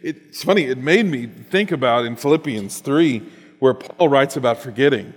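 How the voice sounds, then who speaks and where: A man's voice: medium pitch, animated, normal speed. Earnest man reading in a reverberant space. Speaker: host reading a written story aloud. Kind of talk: earnest reading of a personal story, then reflection.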